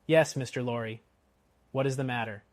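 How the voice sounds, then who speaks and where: Guy doing a hoarse messenger on horseback, low and insistent, dry sound. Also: steady tone, normal speed, no room sound, close to an everyday voice. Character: hoarse rider messenger calling from the mist.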